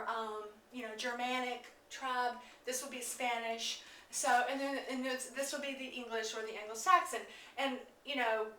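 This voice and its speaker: A woman's voice: a little high, pushed and bright, slight background noise. A woman giving an informal lesson on word origins, chatty, with many fillers and restarts. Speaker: teacher. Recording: echoey room, mic at a distance.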